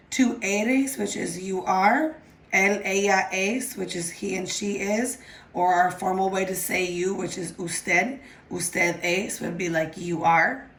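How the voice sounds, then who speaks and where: A woman teaching a recorded grammar lesson, patient and often checking with "okay?". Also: lowish voice. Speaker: Spanish teacher.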